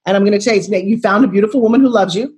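A woman in her sixties, a motivational coach, talking bluntly and forcefully in an interview and pressing her guest with repeated questions. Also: medium pitch, very fast. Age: 60s.

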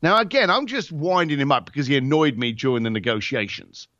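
A man's voice: mid-range voice, animated, brisk, sharp tone, no echo, highs cut off. A man on a podcast telling a story in a blunt, casual way. He swears and acts out both sides of the conversation. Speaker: podcast guest.

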